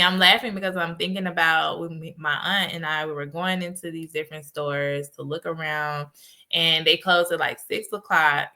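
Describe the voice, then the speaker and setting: Casting: woman host, lowish pitch but bright tone, chatty storyteller. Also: normal speed. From United States. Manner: animated storytelling with laughs. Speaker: podcast host and life coach. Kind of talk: casual solo podcast talk.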